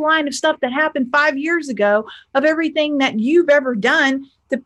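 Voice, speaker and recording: A woman spiritual teacher and life coach, teaching casually to a camera in a chatty, animated way, often checking in with "okay?" and acting out both sides of an argument. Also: high-pitched, normal speed, few pauses.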